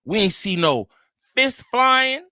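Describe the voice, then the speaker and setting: A man hosting a reaction channel and riffing in loose, slangy commentary. He has a bright voice that sits fairly high for a man, and the sound is dry and close. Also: slow pace, dry recording. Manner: animated, joking, slangy. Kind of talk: casual commentary.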